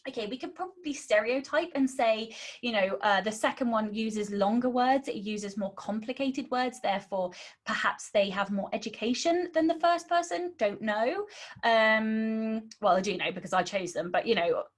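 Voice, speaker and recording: A woman's voice: on the high side, normal speed. A British woman giving a webinar lesson on writing, cheeky and sarcastic in tone, with lots of ums. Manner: says um a lot. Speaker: writing instructor.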